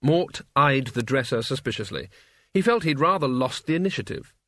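A man narrating an audiobook in a measured, dryly wry storytelling manner. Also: mid-range voice, animated, pushed and bright, dry recording, studio quality.

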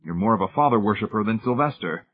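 A man voicing a weary, sardonic man who speaks softly and dryly. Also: fairly low pitch, animated, quick pace. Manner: soft, dry and sardonic. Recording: tinny phone-like sound.

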